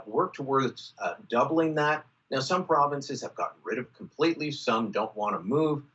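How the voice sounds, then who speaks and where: A man's voice: mid-range voice, a bit bright. A man giving emphatic, opinionated political commentary over a video call, with frequent "uh" and "you know". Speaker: political contributor. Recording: muffled video-call audio.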